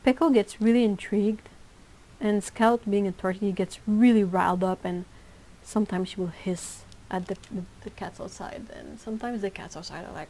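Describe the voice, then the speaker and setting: Woman livestream host; chatty and easygoing, reacting to chat, warm mellow tone. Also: medium pitch, moderate pace, slight background noise, rough recording.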